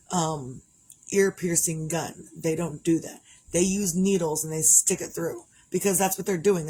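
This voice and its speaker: A woman's voice: lowish voice, dark tone, slightly rough. A middle-aged woman talking candidly in a rambling, casual vlog monologue. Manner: rambling, candid, conversational with frequent restarts. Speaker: parent vlogger.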